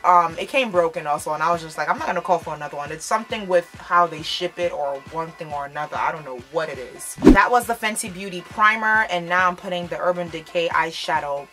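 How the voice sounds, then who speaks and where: A young adult woman hosting a casual makeup first-impression vlog, bubbly and expressive, full of slang. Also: on the low side, brisk, hardly any pauses, over music. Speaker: beauty vlogger. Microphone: camera framed close.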